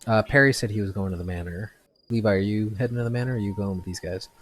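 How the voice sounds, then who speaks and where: A man with a very low voice runs a tabletop game, describing scenes in a halting way with many restarts. His delivery is loose and unscripted, and faint noise sits behind it. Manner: halting, full of fillers and restarts. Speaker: game master.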